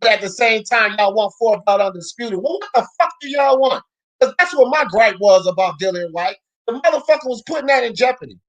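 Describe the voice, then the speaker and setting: A woman hosting a sports talk show, ranting loudly and profanely about boxing, often shouting. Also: a little high, animated, brisk, lo-fi sound. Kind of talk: heated boxing commentary rant.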